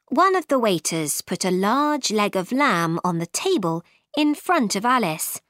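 A woman reading a storybook aloud in a clear, expressive manner. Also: mid-range voice, measured pace, dry recording, clean studio sound.

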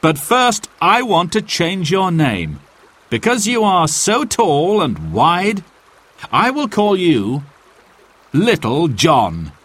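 A man's voice: sits high, wildly swooping pitch, slow pace, fairly bright tone, voice pushed up, full character voice. A man reading a storybook aloud, voicing a bold, cheerful young outlaw archer with a proud, commanding manner.

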